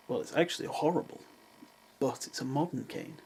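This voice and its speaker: Gravelly young man vlogging. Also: medium pitch, expressive, brisk, a little mellow, slight background noise, rough recording. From England. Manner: dry, self-mocking asides. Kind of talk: casual vlog chat. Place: parents' house in the countryside, with cats.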